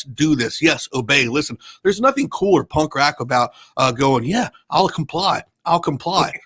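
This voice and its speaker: A man's voice: medium pitch, fairly bright tone, husky. A man who is a podcast guest, ranting indignantly and with plenty of swearing in a casual group chat.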